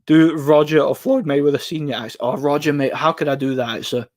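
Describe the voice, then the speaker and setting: A man's voice: a little high, fairly even intonation, fairly quick, a little mellow, no room sound. Tired man with a Midlands accent, dry close mic. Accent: English Midlands. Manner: rambling, laughing, repeats himself. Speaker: livestream host reading chat. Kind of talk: casual chat.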